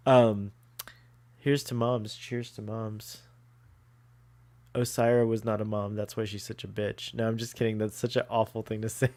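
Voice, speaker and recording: A man's voice: lowish voice, little pitch movement, moderate pace, darkish tone. A man from Florida co-hosting a casual watch-along chat, laughing often and teasing. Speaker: podcast co-host.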